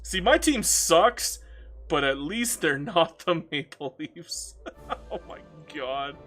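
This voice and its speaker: A man's voice: a little high, expressive, takes it slowly, pushed and bright, faint music behind. A man streaming a strategy game, chatting casually and ranting with frequent laughs and stammered restarts. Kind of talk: casual chat while gaming.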